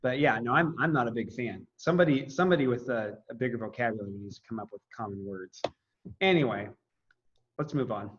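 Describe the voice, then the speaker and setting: A man's voice: mid-range voice, quick pace, highs cut off. A man teaching a classroom lecture, talking casually, thinking aloud with fillers and restarts.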